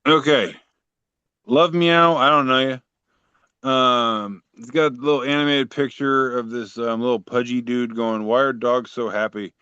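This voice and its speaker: Male co-host, offhand and jokey; smooth voice, dry and dull lo-fi. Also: mid-range voice, unhurried, bright, forceful tone, no room sound. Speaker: podcast co-host. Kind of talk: casual podcast chat.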